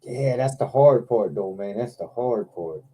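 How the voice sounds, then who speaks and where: A man hosting a live toy stream, telling wrestling stories in a loose, excitable way with plenty of swearing. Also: medium pitch, measured pace, husky. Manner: excitable storyteller, swears freely, lots of "man". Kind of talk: casual chat.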